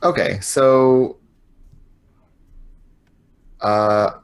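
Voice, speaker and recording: A man's voice: medium pitch, very slow. A man playing a tabletop game, describing his moves in a casual, sardonic way. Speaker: player.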